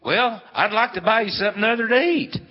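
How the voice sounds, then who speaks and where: A man voicing a shy, awkward older man who speaks in a halting, bashful way. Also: high-pitched, pitched above the performer's own voice. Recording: reverberant hall, dull lo-fi sound.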